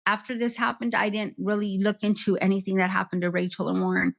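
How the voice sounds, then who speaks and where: A woman's voice: medium pitch, level tone, fast, creaky, dull audio. A woman in her fifties, an interview guest, recalling a painful past in a rambling way that jumps from one memory to the next. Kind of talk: emotional personal recollection.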